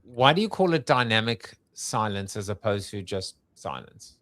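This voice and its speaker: A man's voice: on the low side, lively intonation, normal speed, a bit bright, no echo. A man hosting a podcast interview, asking questions in a hesitant way, thinking aloud with many restarts. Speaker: podcast host. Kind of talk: conversational interview.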